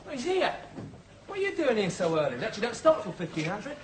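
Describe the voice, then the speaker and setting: A naive, well-spoken young recruit, eager in everything he says. His voice is high and moves around a lot. A faint hiss lies underneath. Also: wildly swooping pitch, fairly quick, full character voice. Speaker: RAF trainee. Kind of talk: 1980s TV sitcom acting.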